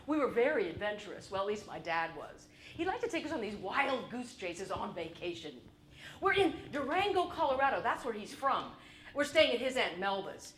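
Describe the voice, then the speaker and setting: A woman performing a solo stage show, telling her family story in an animated, comic, wry way. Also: fairly high pitch, normal speed, a little hiss or hum. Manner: animated, comic, shifts between wry and loud.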